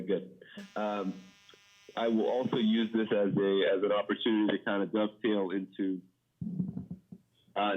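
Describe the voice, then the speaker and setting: Middle-aged guy explaining rules to a pension board, really low voice, dull meeting audio. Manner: measured, many fillers and restarts. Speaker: pension plan consultant. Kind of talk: briefing at a public board meeting.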